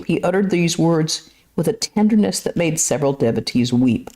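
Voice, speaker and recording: A woman reading a holy text aloud to a study group in a steady, measured way, with brief asides. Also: deep voice. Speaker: scripture reader. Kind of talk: reading scripture aloud to a class.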